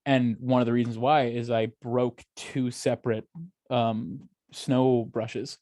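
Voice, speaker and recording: A man's voice: takes it slowly, dry recording, studio quality. Swearing young man telling rants. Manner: profane, animated storytelling with sharp swings up and down in pitch. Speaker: podcast co-host. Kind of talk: casual chat.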